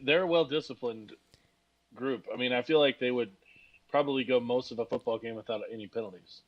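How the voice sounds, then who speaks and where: A man's voice: medium pitch, a little fast, highs cut off. A young man co-hosting a casual podcast, joking and swearing while talking about a TV show. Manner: joking, profane, drawling banter. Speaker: podcast co-host. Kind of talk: casual chat.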